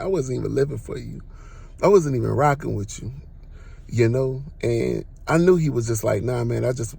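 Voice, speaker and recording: A man with a gravelly, husky voice tells a personal testimony on his podcast. He talks casually and with animation, dropping slang and acting out sudden exclamations. His delivery is loose and conversational. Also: fairly low pitch, a little mellow. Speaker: podcast host.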